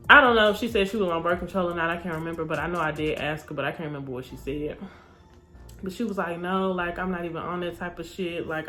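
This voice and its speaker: Young woman, blunt storytime vlogger, faint music behind. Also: lowish voice. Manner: animated, blunt, cursing freely, acts out quotes. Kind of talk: casual storytelling.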